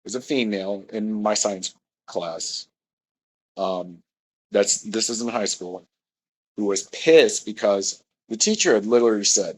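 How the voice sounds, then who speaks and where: A man's voice: lowish voice, a little slow, poor audio. A man telling a meandering personal story, often correcting himself mid-sentence.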